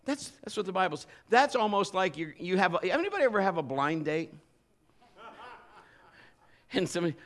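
Animated man preaching a sermon. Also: high voice, brisk, long pauses. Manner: animated, humorous storytelling. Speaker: pastor.

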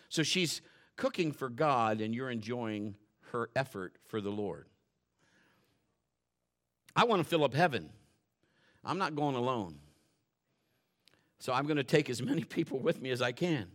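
A male pastor preaching a sermon in a folksy, joking way, dropping to quiet asides and building to loud, fervent stretches. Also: mid-range voice, animated, moderate pace, pauses often. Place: church.

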